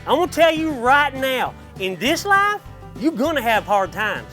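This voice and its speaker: A woman's voice: high-pitched, sing-song, unhurried, a bit bright, faint music behind, exaggerated voice. A woman voicing a cheerful, playful bayou character with a Cajun Louisiana drawl in a children's church video. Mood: upbeat.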